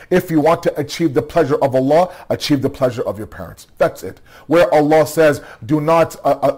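A man giving an earnest sermon-style Quran lesson, asking rhetorical questions, repeating words for emphasis and reciting Arabic verses quickly. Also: a little high, a little mellow. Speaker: religious teacher.

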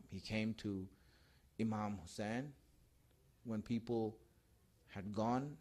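A man's voice: mid-range voice, darkish tone, breathy edge. A man telling a religious story as a sermon, emphatic and repeating key phrases. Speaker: religious speaker.

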